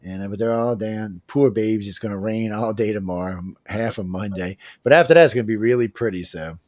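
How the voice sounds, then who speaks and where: A man's voice: on the low side, fairly quick, a little mellow, dry recording, studio quality. A man with a Southern Cajun accent hosting a radio show, chatting in a rambling, joking, folksy way. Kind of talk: casual talk-radio chat.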